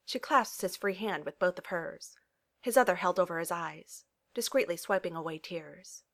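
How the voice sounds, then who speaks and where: A woman's voice: fairly low pitch, normal speed, vocal fry. A woman reading a story aloud, telling it expressively and giving quoted characters their own voices. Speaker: narrator. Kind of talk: reading fan fiction aloud.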